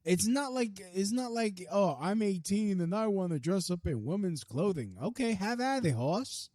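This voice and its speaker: Young guy ranting and swearing, lively swooping voice, really dry sound. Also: a little high, dry recording. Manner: heated, profane, fast-talking with many restarts. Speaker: podcast host. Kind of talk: profane ranting monologue.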